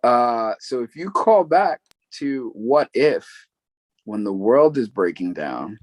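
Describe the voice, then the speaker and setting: A man's voice: medium pitch, very animated, takes it slowly, no echo, low-quality recording. A young man co-hosting a podcast, chatting loosely with lots of likes and ums. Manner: loose, filler-heavy talk. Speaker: podcast co-host. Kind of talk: casual chat.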